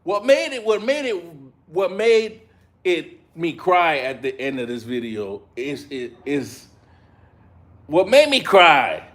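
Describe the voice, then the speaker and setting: A man giving a casual live review of an episode, retelling scenes in an excitable, slangy way. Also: on the high side. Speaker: show reviewer.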